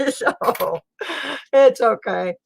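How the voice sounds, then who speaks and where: Slow-talking woman chatting on her stream. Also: medium pitch, expressive, creaky, darkish tone, slight background noise, low-quality recording. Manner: chatty, laughs often, talks to chat viewers. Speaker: channel host. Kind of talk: casual live-stream chat.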